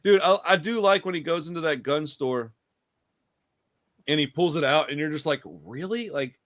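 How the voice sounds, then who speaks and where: A man talking casually about a movie. He is animated, swears freely and laughs often. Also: fairly high pitch, normal speed. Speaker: podcast co-host.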